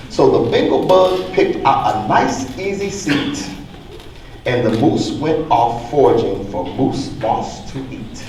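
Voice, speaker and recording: A man reading a rhyming story aloud in a lively, sing-song way. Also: mid-range voice, takes it slowly. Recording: echoey hall from far off, faint noise.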